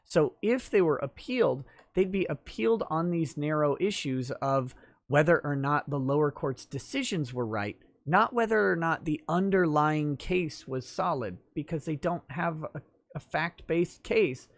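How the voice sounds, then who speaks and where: A man's voice: on the high side, animated, a little slow, dry recording, studio quality. A man hosting a livestream, explaining legal matters in a casual, thinking-aloud way with fillers. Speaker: livestream talk show host and lawyer.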